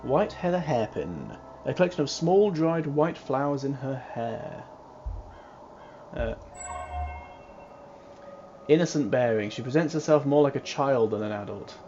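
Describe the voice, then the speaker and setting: A man in a casual tabletop mystery game session, asking curious questions in a relaxed, musing way. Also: medium pitch, unhurried, long pauses. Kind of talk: casual actual-play talk. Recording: dull, slightly lo-fi sound with music.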